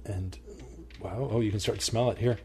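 A man's voice: fairly low pitch, fairly even intonation, moderate pace, darkish tone, a little hiss or hum. A man chatting casually while cooking at home, joking and thinking aloud with restarts. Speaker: home cook. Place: home kitchen, indoors.

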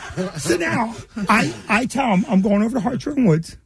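A man's voice: very high-pitched, big pitch swings, brisk, crowd noise. A man, telling a funny story as a guest. He talks animatedly, laughs between lines and puts on the voices of the people in his story. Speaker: comedian guest. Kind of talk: comic storytelling.

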